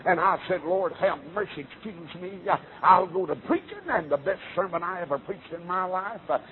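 A man preaching a revival sermon, telling stories with many fillers and rising to fervent shouts. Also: sits high, normal speed, crowd noise. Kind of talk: Southern revival sermon storytelling. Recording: tinny lo-fi phone-like sermon recording.

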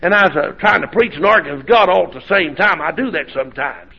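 An older man, a preacher telling a story in a sermon in a folksy, animated way with sudden shouts. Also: fairly high pitch, fast talker, creaky, breathy edge. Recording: dull lo-fi sermon recording.

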